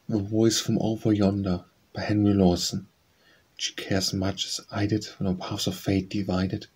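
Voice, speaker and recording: A man reciting poems for an audiobook in a steady, measured reading style. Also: on the low side, breathy edge. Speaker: audiobook reader. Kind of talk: poetry recitation.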